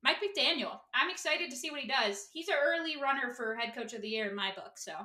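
A woman's voice: high voice, animated, fast talker, sharp tone. A young woman co-hosting a sports podcast in an upbeat, chatty way, full of casual fillers. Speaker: podcast co-host. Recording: roomy echo.

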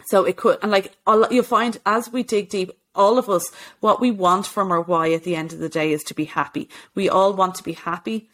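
A woman's voice: mid-range voice, fairly even intonation, fairly quick, a bit bright. A woman, hosting a solo health-coaching podcast in an earnest, encouraging way, with many "okay"s and restarts. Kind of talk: solo podcast advice talk.

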